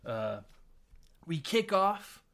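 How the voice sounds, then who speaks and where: Laughing, animated man recapping a film. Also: fairly high pitch, very slow, vocal fry. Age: 30s. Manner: animated retelling, laughs often, swears casually. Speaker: podcast host. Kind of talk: casual film recap chat.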